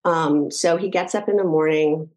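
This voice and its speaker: A middle-aged woman speaks as an interview guest, her voice sitting on the low side for a woman. She retells events earnestly and in detail, often restarting her sentences as she goes. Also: moderate pace, darkish tone, rough recording. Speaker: podcast guest. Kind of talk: personal storytelling interview.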